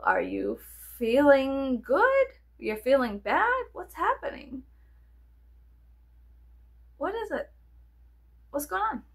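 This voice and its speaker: With a fairly high, somewhat bright voice marked by vocal fry and a breathy edge, a young woman vlogger chats casually to her viewers. She rambles playfully, swears a lot, and swings between near whispers and sudden squeals.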